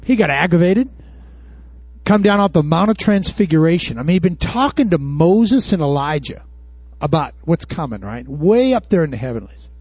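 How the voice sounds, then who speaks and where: Folksy pastor guy preaching, high voice bouncing all over, muffled dry audio. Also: normal speed, slightly rough, no echo. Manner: folksy, animated preaching with rhetorical questions. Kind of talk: sermon.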